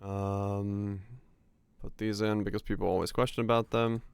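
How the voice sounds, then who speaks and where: A man's voice: lowish voice, little pitch movement, moderate pace, gravelly, smooth, dry recording. A young man streaming a game, chatting casually, answering chat questions and thinking aloud as he plays.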